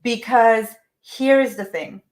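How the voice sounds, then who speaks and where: A woman's voice: on the high side, takes it slowly, darkish tone. Emphatic woman coaching manifestation. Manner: emphatic, repeats phrases for effect. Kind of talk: motivational live talk.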